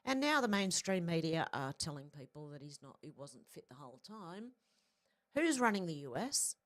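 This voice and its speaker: An Australian woman with a slightly low voice, talking casually and bluntly and swearing freely. She reads out posts one after another and breaks in with quick asides of her own. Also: sing-song. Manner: blunt and profane, with mid-sentence asides. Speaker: political commentary vlogger. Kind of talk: casual commentary reading out social media posts.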